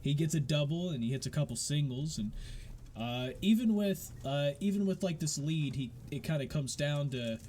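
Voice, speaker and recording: A man's voice: on the high side, expressive, normal speed, warm tone, a little hiss or hum. A man narrating a tabletop game as game master in a casual, rambling way with many fillers.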